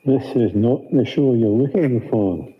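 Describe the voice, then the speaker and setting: A man voicing a slow, menacing space-villain lord with a Scottish accent, in a short audio bumper. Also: mid-range voice, expressive, lightly acted. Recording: tinny phone-like sound.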